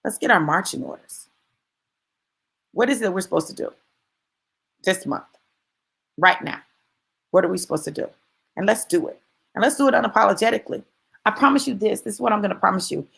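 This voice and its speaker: In a motivational talk, a woman addresses her listeners directly, emphatic yet conversational, and repeats key phrases for emphasis. Her medium-pitched voice is gravelly and husky with a touch of brightness, moving a little fast but pausing often.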